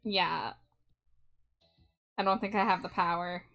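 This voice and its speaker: A woman's voice: lowish voice, steady tone, unhurried, gravelly, lo-fi sound. A woman guest artist chatting casually on a stream, easygoing and laughing along.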